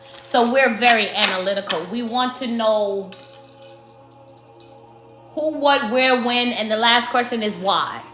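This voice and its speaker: A woman from Brooklyn with a New York accent, giving a spiritual tarot card reading to her viewers in slow, emphatic speech that addresses them as the collective. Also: fairly high pitch, a bit bright. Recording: echoey room with faint music.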